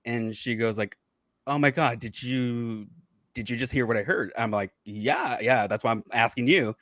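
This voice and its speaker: A man, a psychic medium guest, explaining in calm casual chat with frequent fillers. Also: mid-range voice, moderate pace, dry recording, studio quality.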